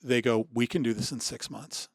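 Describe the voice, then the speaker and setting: A man's voice: mid-range voice, normal speed, vocal fry, breathy edge, dry recording. Dry, close-miked older man telling a story. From Michigan, USA. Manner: animated storyteller acting out dialogue, many restarts. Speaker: podcast guest. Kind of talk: storytelling in a casual interview.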